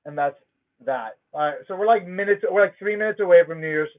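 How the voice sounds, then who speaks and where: A man's voice: high-pitched, quick pace. A man hosting a livestream, telling a story in a casual, profane, emphatic rant from home. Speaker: livestream host. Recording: tinny phone-like audio.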